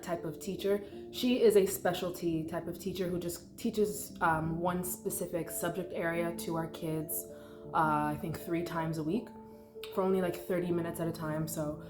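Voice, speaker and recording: A young woman hosting a meditation video, chatting casually and rambling with restarts and fillers. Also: fairly low pitch. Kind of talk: casual personal chat. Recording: roomy sound with music behind. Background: soft instrumental music.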